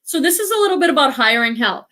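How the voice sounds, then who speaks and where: Brief: bright high-pitched woman, middle-aged, chatty livestream host who laughs easily and rambles with fillers. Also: animated, fast talker. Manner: chatty, warm-hearted, laughs often, many fillers. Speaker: livestream host of a reselling channel. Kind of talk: casual live-stream chat reading comments.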